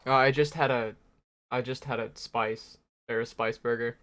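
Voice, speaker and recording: A man's voice: mid-range voice, steady tone, moderate pace, a bit bright, a little hiss or hum. A man chatting casually on a live stream while he plays, rambling and swearing as he grumbles at the game.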